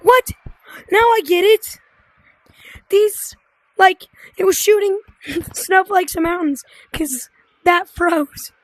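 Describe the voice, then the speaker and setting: A woman's voice: very high-pitched, slow, long pauses, no echo. A young woman casually commenting on her VR gameplay, chatty and rambling with lots of fillers, into a headset mic. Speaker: gaming YouTuber.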